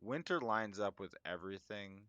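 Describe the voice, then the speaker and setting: Man player, casual cussing, bright tone, dry mic. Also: expressive, normal speed, clear, resonant tone, dry recording, highs cut off. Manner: swears casually, mutters low. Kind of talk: casual tabletop game chat.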